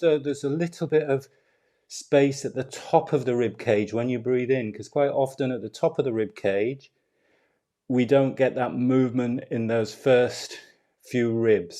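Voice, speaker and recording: Calm man guiding a qigong class. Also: mid-range voice. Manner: calm, unhurried cueing of breath and posture. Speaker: qigong and movement instructor. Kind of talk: guided movement class with chatty asides.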